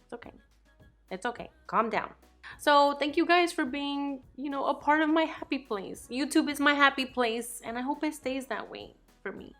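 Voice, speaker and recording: A woman's voice: high voice, normal speed, fairly bright tone, soft background music. A young woman chatting casually in a beauty vlog, bubbly and rambling, joking about herself. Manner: bubbly, rambling, self-deprecating with laughs. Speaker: beauty YouTuber.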